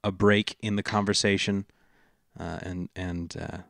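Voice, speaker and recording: A man narrating a tabletop game as dungeon master, slow and halting with many fillers. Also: deep voice, fairly even intonation, vocal fry, a bit bright, no echo, studio quality.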